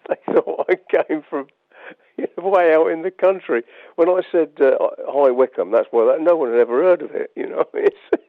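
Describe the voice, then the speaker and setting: A man's voice: mid-range voice, no room sound. Older Buckinghamshire man on phone line. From England, Buckinghamshire. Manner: rambling storyteller, many ums and restarts. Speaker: guest, chair of ex-players association. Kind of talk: anecdotal radio interview. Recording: dry, tinny phone line.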